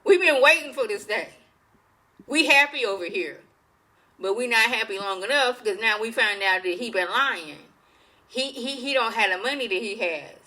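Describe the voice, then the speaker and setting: A woman giving a casual, slangy recap of a TV episode, telling the story with animated flair. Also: fairly high pitch, normal speed, rough recording. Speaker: TV show reviewer.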